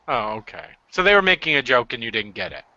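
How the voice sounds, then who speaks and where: A man's voice: mid-range voice, sing-song, quick pace, bright, forceful tone, dry recording. A man hosting a casual podcast chat, joking and laughing often. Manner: joking, laughs often, jumps into silly voices. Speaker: podcast host. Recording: dull lo-fi sound.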